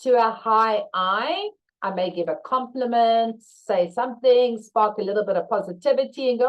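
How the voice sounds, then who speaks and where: A woman's voice: fairly high pitch, moderate pace, rough recording. A woman teaching a live online leadership masterclass, reading out viewers' chat replies and acting out short workplace role-plays. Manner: lively, acts out staff replies in role-play. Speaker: leadership trainer.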